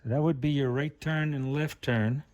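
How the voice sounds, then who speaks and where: A middle-aged man hosting a car repair channel, thinking aloud in an unhurried way while he works on a part at his bench. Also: medium pitch, fairly even intonation, a little mellow. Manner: talks with a flashlight in his mouth at times. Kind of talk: hands-on repair demonstration.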